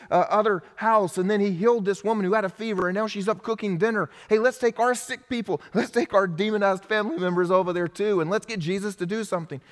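A man playing an excited small-town man eagerly spreading news, with a raised voice. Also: high-pitched, pitched above the performer's own voice, close to an everyday voice. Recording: long hall reverb.

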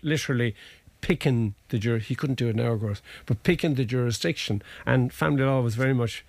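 Guy lawyer rambling thru case stories, dry close mic, middle pitch. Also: fairly quick, gravelly, darkish tone, no echo. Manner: anecdotal, explanatory, digressive. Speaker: family law solicitor. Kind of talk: conversational interview.

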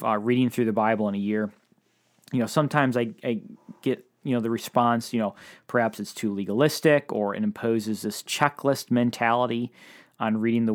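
Earnest low-voiced male preacher. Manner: conversational, earnest, with frequent fillers. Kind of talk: sermon.

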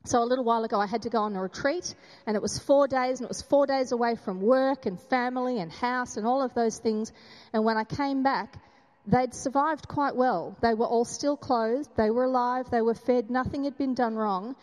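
A woman in her thirties tells a candid, self-deprecating story of motherhood, her voice pitched fairly high. She speaks in a church hall, and the long reverb trails after each phrase. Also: moderate pace, few pauses, darkish tone. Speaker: mother giving a testimony at a church gathering. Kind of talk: personal testimony talk.

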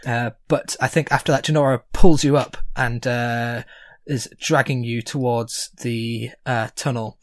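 Chatty game master. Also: male voice, mid-range voice, fairly even intonation, a little slow, no room sound. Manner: chatty, hesitant narration with many fillers. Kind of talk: narrating a tabletop game.

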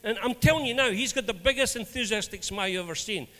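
A man's voice: sits high, fast, big-room sound. A Scottish man preaching as a minister, telling stories animatedly and acting out the dialogue. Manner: animated, acts out dialogue in anecdotes. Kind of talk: storytelling sermon.

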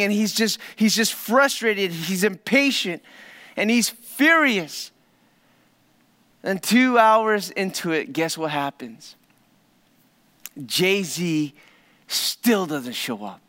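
Male pastor, higher voice, resonant tone; dramatic sermon storyteller with hushed pauses.

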